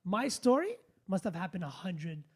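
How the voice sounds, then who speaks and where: A man, hosting a podcast and telling a story in a casual, animated, blunt way, swearing freely and restarting sentences. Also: sits high, normal speed, slightly rough. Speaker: podcast host.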